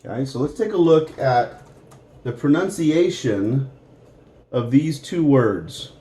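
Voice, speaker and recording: A man teaching an English lesson, slowly repeating words for pronunciation and adding Spanish translations. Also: mid-range voice, expressive, mellow. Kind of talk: slow, deliberate English lesson.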